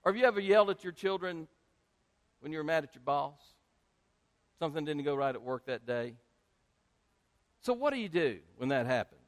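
A male pastor preaching a sermon to his congregation, speaking emphatically and rising to loud peaks. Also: a little high, fairly quick, long pauses. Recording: long hall reverb.

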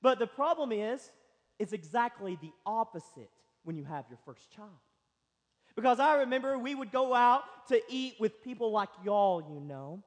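A man's voice: high voice, very animated, normal speed. A young male pastor, preaching a sermon and telling stories. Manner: storytelling, acts out other voices. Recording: long hall reverb.

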